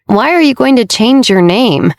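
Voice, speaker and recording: A woman narrator voicing a sharp-tongued, wary young woman in a romance audiobook, read in a dry, close recording. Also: a little high, expressive, normal speed, dry recording, pitched above the performer's own voice. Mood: wry. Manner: dry, wry.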